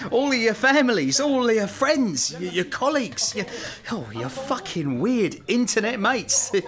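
An actor playing a gruff, foul-mouthed, emotional male football fan leader. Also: sits high. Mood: overjoyed. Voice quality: gruff, swears constantly.

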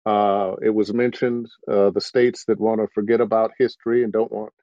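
A man speaking as a voice actor on a video-call panel, measured and thoughtful, pausing often. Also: lowish voice, level tone, warm tone, no room sound, lo-fi sound. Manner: measured, thoughtful, with frequent pauses.

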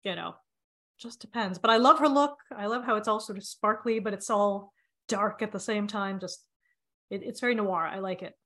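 A woman's voice: medium pitch, moderate pace, a bit bright. A woman co-hosting a casual podcast chat, gushing and enthusiastic. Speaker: podcast co-host.

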